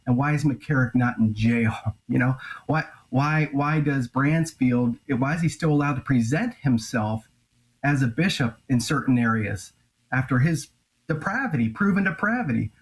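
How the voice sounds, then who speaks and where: Earnest male guest, halting and grave. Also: mid-range voice, expressive, poor audio. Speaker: journalist and author, guest. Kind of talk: earnest interview answers.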